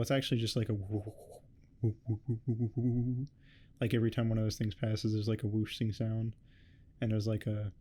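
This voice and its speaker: A man giving a rambling, heavily swearing casual recap of a webcomic, tossing off quick quotes of the characters. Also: fairly low pitch, warm tone. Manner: swears a lot, rambling and offhand. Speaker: host. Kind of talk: casual comic recap commentary.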